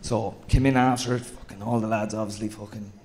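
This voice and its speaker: A man's voice: fairly low pitch, fairly even intonation, fairly quick, darkish tone. Irish man swearing through a dressing-room story. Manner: swearing, anecdotal, mimics the old manager. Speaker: former player, guest. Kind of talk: casual storytelling at a live podcast show.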